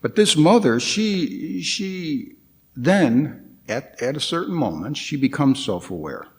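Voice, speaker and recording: Slow, lively-pitched man giving a dharma talk. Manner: hesitant, with frequent restarts and pauses. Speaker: guest dharma speaker.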